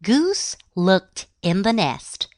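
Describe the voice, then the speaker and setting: A woman reading a children's storybook aloud, slowly and clearly. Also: medium pitch, sing-song, darkish tone, no echo, clean studio sound. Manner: slow, clearly paced read-aloud. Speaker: storybook reader.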